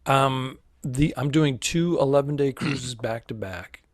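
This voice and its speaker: A man co-hosting a comedy podcast, chatty and teasing, quick to jump in with jokes. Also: medium pitch, no echo, studio quality. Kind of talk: casual comedy podcast banter.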